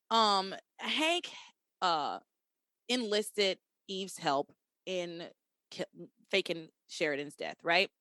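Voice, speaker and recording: A woman co-hosting a podcast, recapping a soap opera in casual, animated chat, laughing and swearing often. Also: mid-range voice, no echo. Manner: animated, profane, laughs often, acts out characters' lines. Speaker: podcast co-host.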